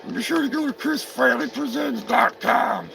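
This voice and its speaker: A man voicing a brash, high-pitched male character who shouts and brags. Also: moderate pace, creaky, recorded from a distance, music in the background, heavily acted. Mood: cocky. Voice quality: shouty, cocky.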